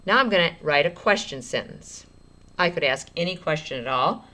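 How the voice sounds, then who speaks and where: A woman teacher giving a writing lesson to young children, sounding out words slowly as she writes and encouraging them gently. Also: sits low, expressive.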